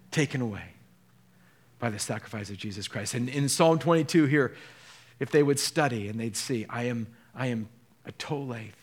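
An earnest male pastor from Southern California delivers a sermon at a mid-range pitch. He talks the listeners through scripture and swells to impassioned peaks.

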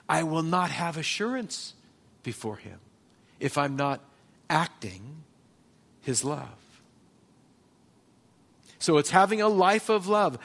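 A man's voice: a little high, a bit bright. A man preaching a sermon as a pastor, telling personal stories and asking the congregation questions.

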